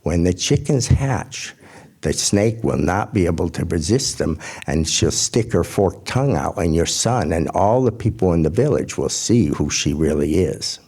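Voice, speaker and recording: A man's voice: low-pitched, animated, moderate pace, darkish tone, slightly rough, exaggerated voice. A man voicing the smallest elf in a told folk tale, speaking eagerly and matter-of-factly.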